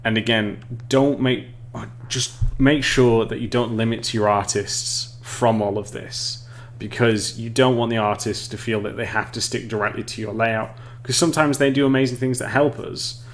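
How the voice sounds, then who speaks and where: A man's voice: medium pitch, fairly even intonation, moderate pace. English man, streamer and tutor, rambling friendly delivery, keyboard typing behind. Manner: chatty, reads chat aloud, frequent restarts and laughs. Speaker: streamer teaching level design. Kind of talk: casual live-stream tutorial.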